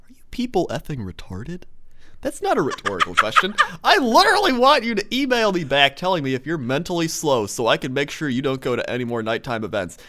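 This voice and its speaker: Man, high voice, very animated pitch, comedic dramatic reading, minced curses, theatrical. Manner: animated and exaggerated, bleeping curses as "effing", breaking into laughter. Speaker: reader of a viral email.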